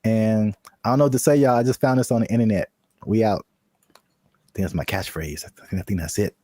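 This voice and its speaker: A man's voice: on the low side, brisk, dark tone, dry recording, clean studio sound. A man co-hosting a casual reaction chat, playful and teasing, laughing often. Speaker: co-host.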